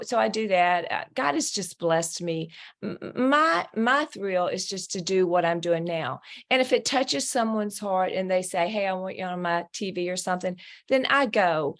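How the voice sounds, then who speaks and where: A middle-aged woman talks earnestly in an interview about her work and faith. She tells her story with animated emphasis, as if recounting it to a friend, over what sounds like a video call. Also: mid-range voice, normal speed. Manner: earnest, animated storyteller who acts out quoted voices. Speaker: guest, ministry founder.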